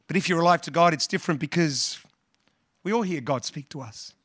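High, bright-voiced preacher. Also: male voice, fairly quick, no room sound, clean studio sound. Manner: earnest, repeats words, quotes scripture and hymns. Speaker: pastor. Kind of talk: sermon.

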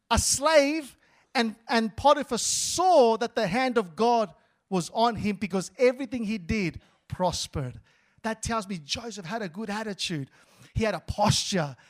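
A male pastor preaching a sermon, repeating words and calling for responses from the church. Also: very high-pitched.

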